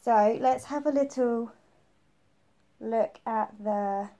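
A woman's voice: fairly high pitch, slow, warm tone. A woman preschool teacher giving a phonics lesson to young children, patiently repeating each letter sound.

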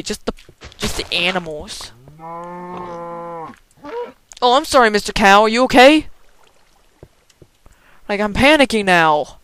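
A man's voice: high voice, fairly bright tone, slight background noise. Goofy rambling let's-play guy. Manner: rambling, joking chatter to the game's animals; frequent restarts and stumbles. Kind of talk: casual gameplay commentary.

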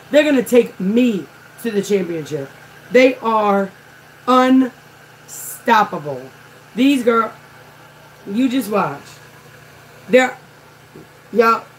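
A woman, a softball coach, telling a chatty story while she works on a craft project, talking in an animated way and saying "y'all". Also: medium pitch, slight background noise, poor audio.

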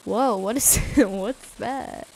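A woman's voice: medium pitch, extremely slow, creaky, a little mellow, slight background noise, low-quality recording. A woman streaming a video game, chatting casually and giggling as she reacts aloud to what happens on screen.

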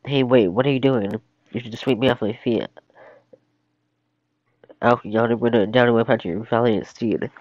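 A man's voice: medium pitch, fairly even intonation, normal speed, pauses often, no echo, close to an everyday voice. A man voicing a prim, romantic young princess in a solo script reading, with fussy, theatrical, old-fashioned phrasing. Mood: expectant. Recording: dull lo-fi stream audio.

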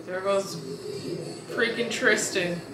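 A woman in her twenties giving casual reaction commentary with drawn-out exclamations. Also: mid-range voice, fairly even intonation, background noise. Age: 20s. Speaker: reaction video host. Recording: echoey room with loud music.

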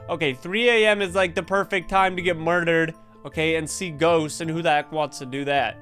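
A young man commentating a horror game, excitable and jokey, exclaiming often. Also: a little high, normal speed, hardly any pauses, clean tone, faint music behind. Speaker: gaming video host.

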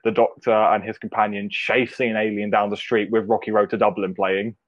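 Low-voiced young man on a dull call line. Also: brisk, no room sound. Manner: animated storyteller, acts out quotes. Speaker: podcast guest. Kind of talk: casual chat.

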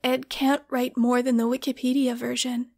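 A woman's voice: high-pitched, little pitch movement, moderate pace, creaky, a little mellow. A woman reading as an earnest grieving fan. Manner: earnest, emotional. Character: grieving young woman, devoted book fan.

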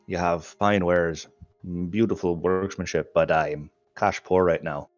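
A deep, low voice plays a gruff but courteous dwarf wanderer in a tabletop game, put on by a man. He rolls out a mock Scottish-style accent full of old-fashioned words. The sound is dry and a little dull. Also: fairly even intonation, a little slow, no echo, faint music behind. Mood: polite, dry. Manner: old-fashioned speech with aye and mayhap.

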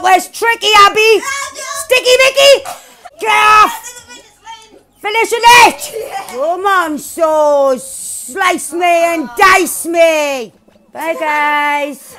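High-pitched woman shouting over gameplay. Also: drawn-out words, long pauses, heavy background noise. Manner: loud and excitable, swearing a lot, shouting and laughing. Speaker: gaming channel host. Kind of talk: gameplay commentary.

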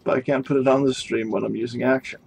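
A man's voice: mid-range voice, steady tone, a little fast, creaky, a little mellow, slight background noise. A male streamer chatting casually while gaming, reluctant and laughing a lot, with some swearing.

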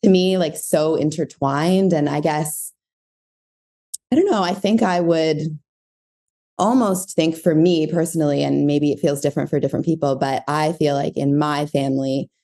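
A woman's voice: low-pitched, normal speed, dark tone. A woman, a parenting coach, talking in a casual interview, reflective and searching for her words with many fillers. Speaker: parenting coach, podcast guest.

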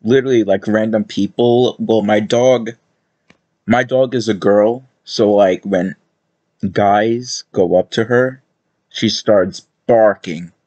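A man's voice: on the low side, fairly even intonation, slow, darkish tone, dry recording, dull audio. A man giving casual reaction commentary, rambling and hesitant with many fillers. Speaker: video reactor.

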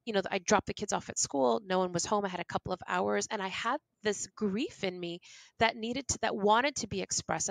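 Gravelly, passionate woman guest in her forties. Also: medium pitch, no echo, rough recording. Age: 40s. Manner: passionate, animated, lots of restarts and laughs. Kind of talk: candid interview conversation.

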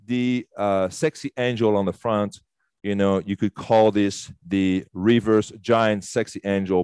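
Low-voiced male fitness instructor, dry close sound, chatty, enthusiastic, casual swearing. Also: a little mellow, clean tone, no echo. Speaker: fitness instructor leading a workshop. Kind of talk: casual live workshop instruction. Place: fitness studio.

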